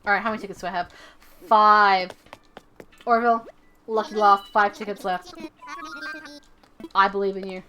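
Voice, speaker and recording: A woman's voice: medium pitch, little pitch movement, normal speed, long pauses, bright, forceful tone, faint music behind. A woman streaming a video game live, chatting casually and rambling, often repeating her own phrases.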